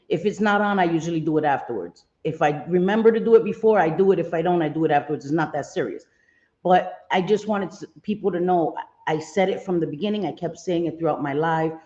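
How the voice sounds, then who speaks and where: A woman's voice: on the low side, a little mellow. Chatty woman hosting a lo-fi livestream. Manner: chatty, reads chat names aloud, laughs easily. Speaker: livestream host. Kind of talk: casual livestream chat.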